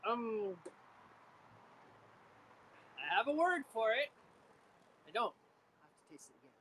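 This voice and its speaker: A woman co-hosting a homebrew show, chatting casually on a live stream, animated and teasing with frequent laughs. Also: fairly high pitch, unhurried, slight background noise.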